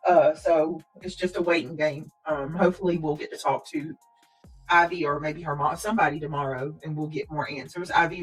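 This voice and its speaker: A woman hosting a casual livestream and talking directly to her viewers. She speaks earnestly and prayerfully, and she keeps clearing her throat and coughing. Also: deep voice, rough recording. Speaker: livestream host.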